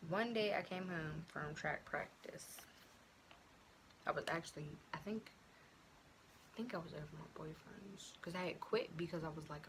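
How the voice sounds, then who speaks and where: A woman's voice: lowish voice, background noise. A teenage woman telling a casual storytime to her viewers, chatty and full of slang and fillers. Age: teens. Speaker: vlogger.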